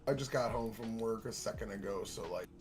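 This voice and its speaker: A man talking as a guest on a streamed call, relaxed and offhand, swearing casually. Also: fairly low pitch, fairly quick, over music. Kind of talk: casual chat. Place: home streaming setup, on a call.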